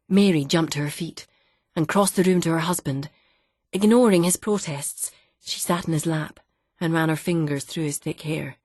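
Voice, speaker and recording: In a clean, dry studio recording, a woman with a deep voice narrates a novel as an audiobook reader, following a script with an even, measured delivery.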